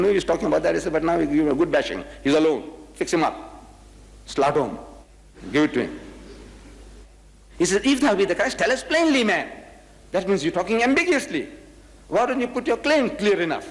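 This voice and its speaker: A man from South Africa with a South African accent, giving an animated public lecture on religion. He speaks emphatically and mockingly, and reads scripture slowly and solemnly. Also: a little high. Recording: reverberant hall sound.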